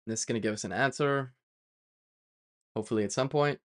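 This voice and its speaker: A man with a medium-pitched voice, talking a little fast, codes live on stream and chats loosely as he works. He rambles, corrects himself, uses plenty of fillers, and goes off on playful tangents.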